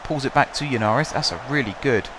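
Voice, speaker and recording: Hoarse from yelling, this young gaming host narrates a football management game in a casual, wry, talkative play-by-play at a fast clip. His pitch is ordinary and middling, and faint noise hums under the desk mic.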